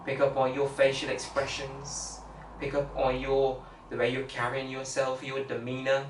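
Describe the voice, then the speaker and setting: A man's voice: medium pitch, completely flat delivery, normal speed. Rambling man on a podcast. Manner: rambling, repeats "you know what I mean". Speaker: podcast co-host. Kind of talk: casual chat. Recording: roomy echo, far from mic, faint hiss.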